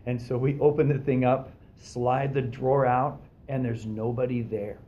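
A man's voice: medium pitch, normal speed, muffled recording, slight background noise. A man co-hosting a podcast, telling a story in casual chat and acting out the voices of the people in it. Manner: animated, acts out quoted voices, frequent fillers.

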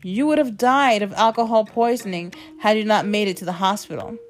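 A woman voicing a calm hospital nurse who speaks soothingly. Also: medium pitch, fairly quick, natural voice.

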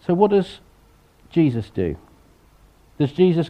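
A man preaching a sermon, acting out the people in the story with sudden loud voices. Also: on the high side, sing-song, moderate pace, long pauses. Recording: dull lo-fi sound.

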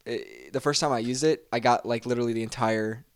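A man's voice: mid-range voice, lively intonation, fairly quick, clear, resonant tone. A married young man co-hosting a podcast, chatting casually with goofy, exaggerated tangents. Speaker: podcast co-host. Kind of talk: casual chat.

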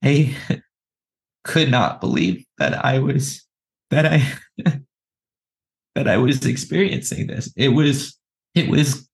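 A podcast guest, a man, telling a personal story in an emotional, halting way, often repeating words and laughing between phrases. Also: mid-range voice, animated, gravelly, rough recording.

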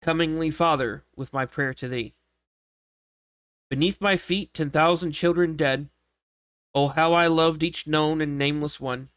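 Slow, solemn man reciting a poem. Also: fairly high pitch, fairly even intonation, fairly bright tone, clear, resonant tone, no echo. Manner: slow, mournful reading with occasional slips and restarts. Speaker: reader.

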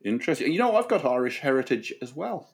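A man's voice: mid-range voice, sing-song, fast. A man from Australia co-hosting a comedy podcast, dry and self-mocking, easygoing. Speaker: podcast co-host and author. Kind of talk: casual comedy chat.

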